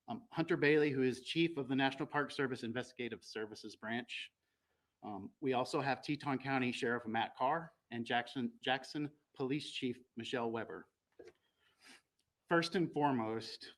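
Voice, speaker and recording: A man speaking as a law enforcement spokesman, giving a measured, formal statement from prepared remarks at a press conference. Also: medium pitch, bright, forceful tone, poor audio.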